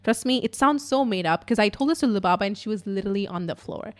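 A woman podcaster tells a personal story straight to her audience. Her delivery is raw and emotional, peppered with swearing and constant "like" fillers, at an ordinary middle pitch. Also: expressive, fast talker. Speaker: podcaster and YouTuber.

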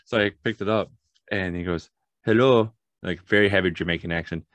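A man's voice: deep voice, fairly even intonation, fast, fairly bright tone, no room sound, dull audio. A man co-hosting a casual podcast, telling stories and acting out phone calls in voices. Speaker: podcast co-host. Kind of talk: casual storytelling chat.

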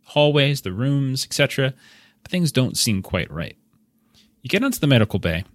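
A man narrating scenes as game master, describing them at length with frequent halting restarts. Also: medium pitch, big pitch swings, dry recording.

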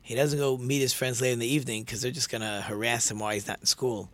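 A man's voice: medium pitch, fairly even intonation, quick pace, a bit bright. A man telling a story in a conversational sermon, with many fillers and restarts.

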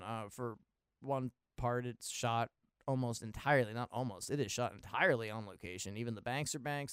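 A man hosting a podcast, talking about films in a rambling, profane way, full of restarts and sudden loud bursts. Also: mid-range voice, smooth, no room sound, clean studio sound. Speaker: podcast host. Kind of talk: casual film review monologue.

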